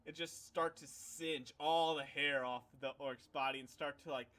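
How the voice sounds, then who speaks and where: A man's voice: on the high side, fairly even intonation, normal speed, bright, forceful tone. A man narrating a tabletop game as game master, telling it loosely with lots of fillers. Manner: loose, filler-heavy storytelling.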